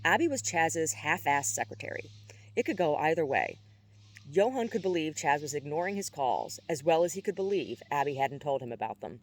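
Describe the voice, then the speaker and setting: A man narrating a novel in a steady, even audiobook reading. His voice sits slightly high, with small stumbles now and then. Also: moderate pace.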